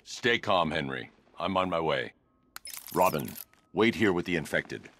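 An actor playing a grim, terse male vigilante hero in a video game, gruff and clipped. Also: lively intonation, a little slow, fairly bright tone, exaggerated voice. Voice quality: deep, gruff.

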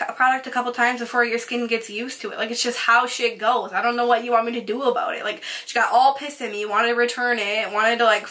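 Young woman beauty vlogger, casual ranting storyteller, bright tone, slightly high voice. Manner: fast, ranting, lots of "like" and swearing. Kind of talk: casual storytelling while doing makeup.

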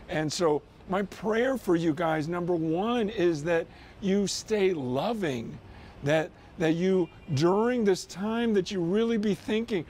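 A male pastor with a high, slightly mellow voice sends a casual, earnest video message to his church, speaking conversationally with frequent "you know" and "man," over slight background noise.

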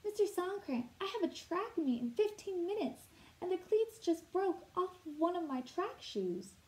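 A woman's voice: extremely high pitch, sing-song, a little slow, reverberant, voice pushed up, full character voice, poor audio. A woman reading a storybook aloud, voicing an eager schoolboy who is out of breath and urgent.

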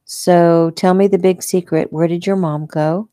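A woman reading the part of a protective, impatient grown man who speaks softly and hesitantly. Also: high voice, steady tone, measured pace, no room sound, clean studio sound.

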